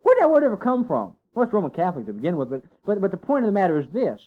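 A man's voice: sits high, racing. Folksy preaching man, lo-fi. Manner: folksy, animated preaching with rhetorical questions. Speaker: pastor. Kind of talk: sermon. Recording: dull lo-fi sound.

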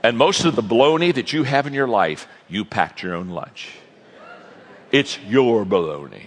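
A man's voice: medium pitch, big pitch swings, normal speed. A man preaching a sermon in a folksy, joking storytelling manner to a large audience. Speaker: pastor, guest speaker. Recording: long reverb of a large hall.

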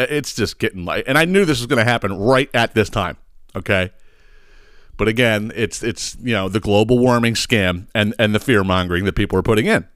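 Profane ranting man with a lively voice. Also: fairly low pitch, no room sound, clean studio sound. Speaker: podcast host. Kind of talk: comedic rant.

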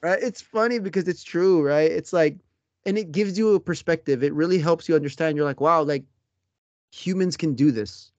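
A man's voice: fairly high pitch, moderate pace, dry recording, muffled recording. Guy hosting a podcast, bubbly, keeps laughing, bone dry sound. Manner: animated, laughs often, acts out quotes. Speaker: podcast host. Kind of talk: casual interview chat.

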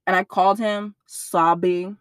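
A young woman in an interview, telling a personal story in a blunt, profane, animated way. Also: fairly low pitch, measured pace, dry recording, studio quality.

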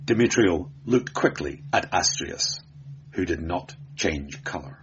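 A man narrating an adventure audiobook in a measured, dramatic storytelling manner. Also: sits low, expressive, a bit bright, highs cut off, a little hiss or hum. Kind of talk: audiobook reading.

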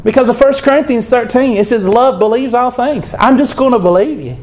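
A man's voice: very high voice, animated, fairly quick, darkish tone. A male preacher, delivering a conversational sermon and reading scripture aloud.

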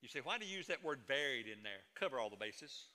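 A man's voice: mid-range voice, sing-song, fast, sharp tone, big-room sound. A middle-aged man preaching a sermon as a pastor, moving between folksy stories and emphatic proclamation.

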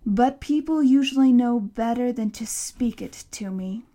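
Lady doing a big old tree monster, slow grave bossy voice, audiobook. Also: fairly high pitch, mellow. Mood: puzzled. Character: ancient towering male tree monster, proud and imperious. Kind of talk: audiobook character reading.

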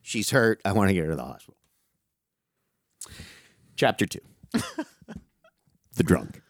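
Lower-voiced middle-aged man telling a story. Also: unhurried, no echo, clean studio sound. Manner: animated, profane, calls listener dude. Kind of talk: casual storytelling chat.

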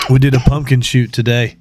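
A man's voice: mid-range voice, level tone, moderate pace, slight background noise. A man hosting a podcast in casual chat, joking and swearing freely. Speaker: podcast host.

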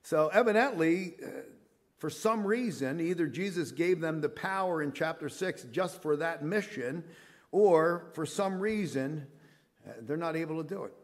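A man's voice: fairly high pitch, normal speed. A middle-aged male pastor preaching a sermon in an earnest, conversational way, with frequent fillers and restarts.

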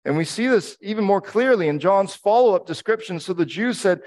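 A man's voice: high-pitched, animated, fairly quick, darkish tone. A middle-aged man preaching a sermon in an earnest, reflective way, grieving the recent death of his father and repeating key phrases for emphasis. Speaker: pastor.

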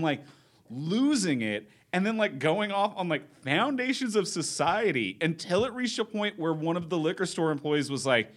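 A man's voice: fairly high pitch, animated, moderate pace, a bit bright. A man, a podcast guest, telling a comic story with rising indignation. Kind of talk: animated storytelling.

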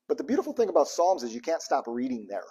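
A man preaching a relaxed, conversational sermon, his pitch leaping up and down as he acts out lines of scripture. His voice sits a little high for a man and has a husky grain to it. He jokes with the room between readings. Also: quick pace. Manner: lively and joking, acts out the psalms' cries to God. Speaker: pastor.

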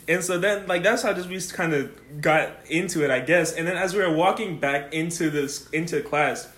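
A man's voice: a little high, brisk, hardly any pauses, a bit bright. A young man telling a rambling, profane story in casual chat, laughing often and saying "like" a lot. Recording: echoey room.

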